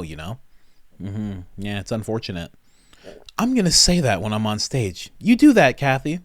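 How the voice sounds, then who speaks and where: Animated laughing man, close dry mic. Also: medium pitch, no room sound. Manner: animated, laughing, mock-incredulous. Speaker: commentary host. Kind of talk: comedic reaction commentary.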